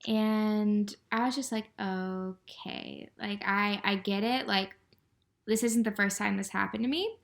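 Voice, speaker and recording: A woman's voice: mid-range voice, normal speed, gravelly. A young woman in her twenties co-hosting a podcast, telling a dating story in a gushing, giggly way, full of "like". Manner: gushing, giggly, heavy use of "like". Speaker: podcast co-host. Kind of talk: casual storytelling chat.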